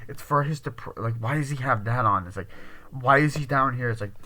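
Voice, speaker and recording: Man with a bright, forceful voice. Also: medium pitch. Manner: rambling and profane, acting out scenes in quick quoted voices. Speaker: movie reviewer. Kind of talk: casual film review.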